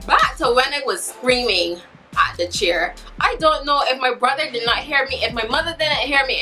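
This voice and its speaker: A woman in her twenties telling a story in a vlog, animated and dramatic, acting out what people said. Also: fairly high pitch. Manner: animated, dramatic retelling with acted-out quotes. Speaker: vlogger.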